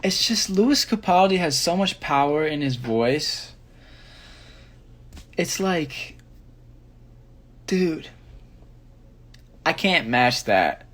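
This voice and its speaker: Young male singer on a phone livestream, slow and drowsy, a touch higher-voiced, rambling fan Q&A. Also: expressive, a bit bright. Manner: laid-back and rambling, many fillers. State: sleepy, yawning. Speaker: singer answering fan questions. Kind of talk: casual livestream Q&A.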